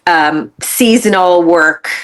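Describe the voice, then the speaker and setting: A woman's voice: on the low side, slow pace, fairly bright tone. A woman in her fifties, a guest on a podcast, talking in a reflective way and laughing easily. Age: 50s. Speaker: podcast guest, artist and educator. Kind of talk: casual interview chat.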